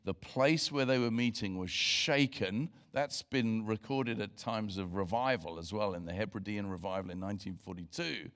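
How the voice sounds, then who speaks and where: A man's voice: fairly low pitch, moderate pace, few pauses, fairly bright tone. A man preaching a sermon as pastor, emphatic and earnest, breaking into joking asides with his congregation.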